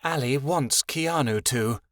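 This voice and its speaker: A man voicing a young female lynx shifter cub who speaks in slow, broken, childish sentences. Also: mid-range voice, fairly bright tone, dry recording, studio quality. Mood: coaxing.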